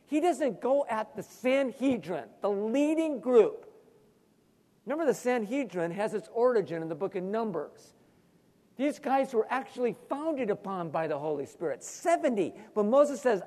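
A male pastor preaching a sermon, animated, with sudden emphatic rises and asides. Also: high voice, moderate pace, in a large hall.

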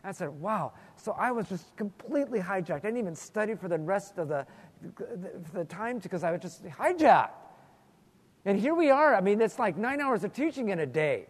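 A man's voice: sits high, sing-song, fairly quick. A man teaching the Bible in an earnest, storytelling way, often repeating words as he thinks, in a large hall. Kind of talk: Bible teaching with prayer and stories. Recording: long hall reverb.

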